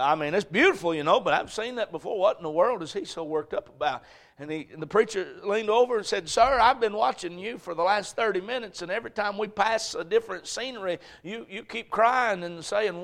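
A male pastor preaching a sermon, swinging between shouted emphasis and quiet storytelling. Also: high voice. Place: church sanctuary.

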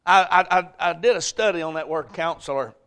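Fervent high-voiced preacher. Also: male voice, a little fast, smooth. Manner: fervent preaching, swings from shouting to hushed storytelling. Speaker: pastor. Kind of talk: sermon. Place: church sanctuary.

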